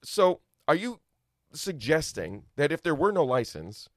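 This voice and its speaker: A male podcast co-host argues his case in casual chat, his pitch rising and dropping in lively swings. The sound is dry and close, with no room around it. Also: unhurried, no room sound. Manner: argumentative, playing devil's advocate.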